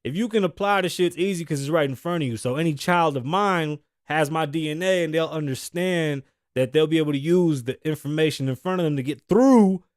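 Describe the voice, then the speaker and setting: A man's voice: on the high side, clean tone, dry recording, studio quality. A man in his thirties from the United States, hosting a podcast with a brash, profane, opinionated solo rant. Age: 30s. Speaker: podcast host.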